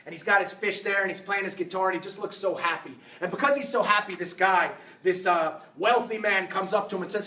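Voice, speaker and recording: Energetic man preaching to a seminar crowd. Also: high voice, brisk, hardly any pauses. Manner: energetic, emphatic, fires rhetorical questions at the audience. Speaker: fitness coach and motivational speaker. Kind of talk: live motivational seminar talk. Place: seminar room in front of a live audience. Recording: roomy hall sound, mic at a distance.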